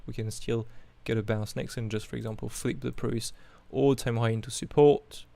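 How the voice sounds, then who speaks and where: A man's voice: medium pitch, steady tone, normal speed, vocal fry, warm tone, dry recording. A man with a French accent hosts a live chart analysis, talking casually and thinking aloud, often humming while he works. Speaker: host.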